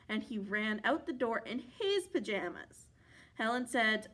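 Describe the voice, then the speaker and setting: A woman from a library reading a children's picture book aloud, expressive and playful, with funny sound effects. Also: fairly high pitch, measured pace. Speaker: library storyteller.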